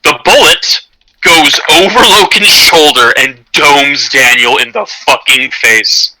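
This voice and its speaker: A man's voice: a little high, slow pace, a crowd in the background, low-quality recording. A man narrating a tabletop game as game master, in a loose, rambling way with many fillers.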